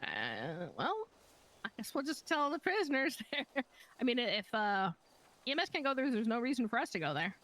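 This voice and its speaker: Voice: mid-range voice, sing-song, moderate pace, a bit bright. A speaker in casual role-play chat, matter-of-fact and explaining.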